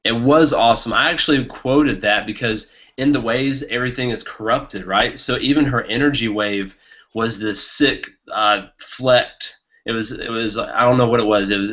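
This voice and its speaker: A man co-hosting a casual book podcast, talking with excitement and laughing often. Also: mid-range voice. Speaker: podcast co-host. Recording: muffled lo-fi podcast audio.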